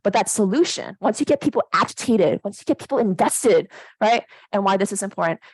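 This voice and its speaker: Woman, lively lecturer, dry close sound, middle pitch. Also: a little fast, slightly rough, dry recording, poor audio. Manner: animated, conversational, keeps asking "right?". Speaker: academic workshop presenter. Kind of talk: casual lecture.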